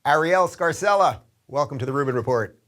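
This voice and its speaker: A man hosting an interview show, asking measured, leading questions. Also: fairly high pitch, expressive, fairly bright tone.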